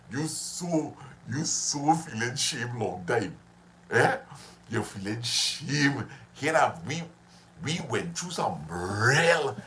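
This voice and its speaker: A man's voice: mid-range voice, pushed and bright, slight background noise. A man hosting a casual livestream, chatty and reminiscing, laughing often as he talks with viewers. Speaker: livestream host.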